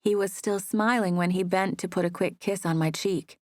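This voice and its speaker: A woman narrating a first-person romance audiobook in a soft, intimate storytelling manner on a close studio mic. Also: mid-range voice, fairly even intonation, moderate pace, dry recording.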